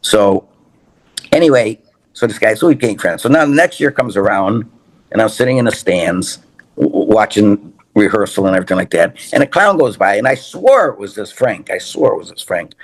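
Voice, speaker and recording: A man's voice: lowish voice, animated, brisk. An older man, a TV personality, in casual chat, rambling through anecdotes with restarts and repeated phrases. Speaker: guest, TV personality.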